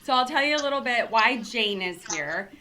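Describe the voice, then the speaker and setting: A woman's voice: fairly high pitch, animated, moderate pace, bright, forceful tone, slight background noise. A middle-aged woman hosting a casual talk show, chatty and upbeat, with many fillers. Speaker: show host and company CEO.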